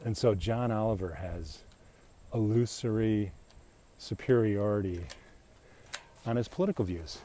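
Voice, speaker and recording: A man's voice: fairly low pitch, a little slow, pauses often, mellow, a little hiss or hum. A middle-aged man chatting casually and opinionatedly while out on a walk, speaking into a handheld mic. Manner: opinionated, rambling, frequent laughs. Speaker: vlogger. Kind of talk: casual rant while walking. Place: outdoors on a walk.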